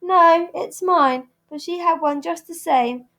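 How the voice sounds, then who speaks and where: A woman's voice: extremely high pitch, takes it slowly, a bit bright, voice pushed up, full character voice. A woman reading aloud, voicing an earnest, bookish young girl who speaks a little awkwardly. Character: thoughtful, earnest girl who loves books.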